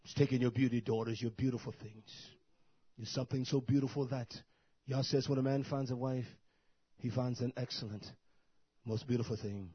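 A husky-voiced man preaching in a fiery sermon style, swinging between quiet, almost whispered asides and loud climbing shouts. The recording is dull and lo-fi, with a dry, close sound. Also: medium pitch, fairly even intonation, moderate pace, no echo. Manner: preaching in bursts, rising to loud shouts and dropping to soft asides.

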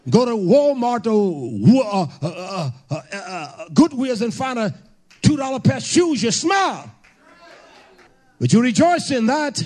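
High-pitched man hollering a fiery sermon. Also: very animated, unhurried. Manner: hollering, emphatic preaching with bursts of shouting. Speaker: preacher.

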